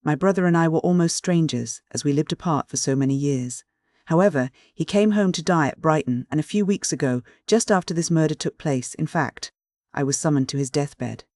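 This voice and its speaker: A reader voicing a plump, shrewd elderly widow in an audiobook, brisk and businesslike under her gushing endearments. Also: medium pitch, a little mellow, dry recording, clean studio sound, natural voice. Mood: chatty. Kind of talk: audiobook dialogue reading.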